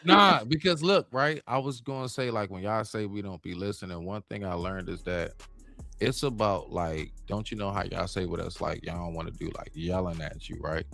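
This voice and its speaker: A man hosting a casual chat, explaining his point with loud and soft swings. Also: low-pitched, normal speed, vocal fry, faint music behind. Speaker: host.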